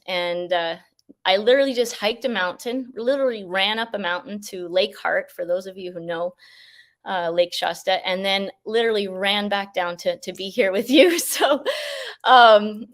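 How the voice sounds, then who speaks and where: A woman's voice: medium pitch, a bit bright. A woman hosting a live show, effusive and enthusiastic, laughing often as she talks. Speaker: show host. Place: outdoors near a mountain.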